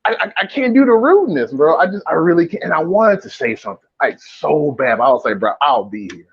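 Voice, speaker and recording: Lively man ranting, lo-fi. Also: on the high side, fast, husky, no echo. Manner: animated, profane storytelling, roasting with laughs. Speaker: podcast co-host. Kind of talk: casual podcast chat. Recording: dull lo-fi sound.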